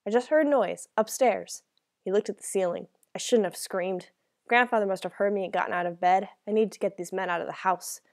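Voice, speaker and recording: A woman's voice: mid-range voice, fairly even intonation, fast. A woman narrating a first-person novel as an audiobook, reading in a dramatic, emotional way.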